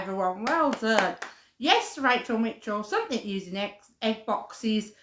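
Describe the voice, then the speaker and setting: A woman's voice: a little high, a bit bright, slight background noise. A woman, a playgroup leader, hosting a live-streamed children's session in a chatty, sing-song way aimed at toddlers and their parents. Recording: echoey room.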